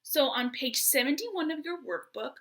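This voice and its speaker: A woman teaching a remote phonics and reading lesson, speaking slowly and patiently and spelling out sounds for young children. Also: high-pitched, animated, over loud music, rough recording.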